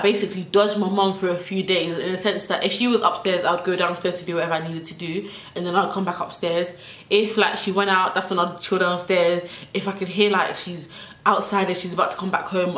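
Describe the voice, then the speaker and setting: A woman's voice: on the low side, fairly bright tone, echoey room. Chatty young woman. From South London. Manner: chatty, lots of fillers, acts out quotes. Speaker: vlogger. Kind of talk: casual storytime.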